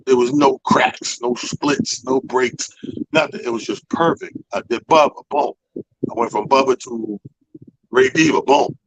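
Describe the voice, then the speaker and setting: Man, radio host, husky voice, lively swinging pitch, dry close sound. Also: dry recording, low-quality recording. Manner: animated storyteller, acts out people's quotes, profane. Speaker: comedy show organizer. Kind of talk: casual storytelling chat.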